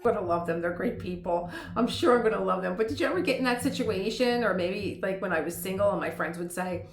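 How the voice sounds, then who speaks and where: A woman's voice: medium pitch, fast, echoey room, soft background music. A middle-aged woman vlogger talking casually at home, rambling into tangents and laughing often. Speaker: lifestyle vlogger. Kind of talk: casual chat.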